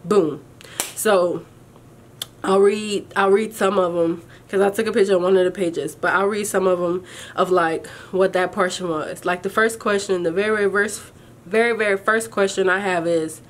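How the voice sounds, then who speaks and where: A young woman vlogging, telling her viewers a story in a chatty, animated, colloquial way and calling them y'all. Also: medium pitch, moderate pace. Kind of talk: casual storytelling to camera.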